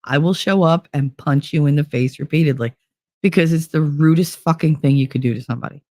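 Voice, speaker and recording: A woman's voice: low-pitched, a little fast, darkish tone, dry recording. A woman vlogger telling a story as a blunt, profane rant in a casual chat.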